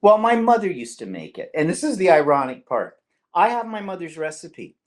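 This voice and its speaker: A man's voice: high voice, big pitch swings, brisk. A middle-aged Canadian man hosting a live-stream vlog, chatting and teasing in a rambling way. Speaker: vlog host.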